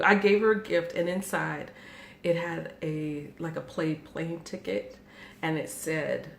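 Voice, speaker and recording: A woman in her forties telling a family story in a casual chat, animated and often laughing as she acts out what her family said. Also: low voice, measured pace, gravelly. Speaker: podcast co-host. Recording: echoey room with faint background noise.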